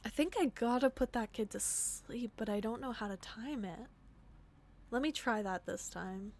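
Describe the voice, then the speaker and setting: A woman's voice: a little high, normal speed, a little mellow, a little hiss or hum. A young woman streamer giving casual commentary while she plays a game, talking to herself and dropping to a whisper in the tense moments. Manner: talks to herself while playing, drops to whispers when sneaking.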